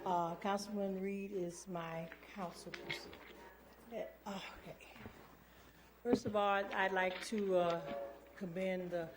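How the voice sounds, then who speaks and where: An older woman addressing a city council, deliberate and halting with frequent fillers. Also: medium pitch, little pitch movement, background noise. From Albion, Michigan. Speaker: public commenter. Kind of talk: public comment speech.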